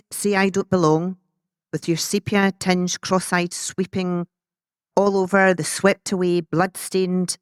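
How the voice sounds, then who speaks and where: Woman, low, slow spoken-word poet, defiant edge, dry close sound. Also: no echo. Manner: defiant, cutting, with sharp swearing. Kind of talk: spoken-word poetry performance.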